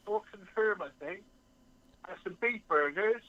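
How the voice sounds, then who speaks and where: A man's voice: high-pitched, a little slow, crowd noise. A man from Somerset calling in to a chat show, talking plainly with plenty of ums. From Somerset, England. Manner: chatty, plain-spoken, hesitant with ums. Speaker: caller. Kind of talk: casual phone-in chat. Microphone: telephone. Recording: lo-fi phone line.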